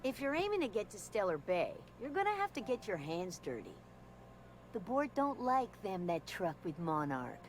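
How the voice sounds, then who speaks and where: An actress playing a folksy, blunt frontier bartender with a drawling manner, from a video game. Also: female voice, medium pitch, very animated, normal speed, a little hiss or hum, lightly acted, poor audio.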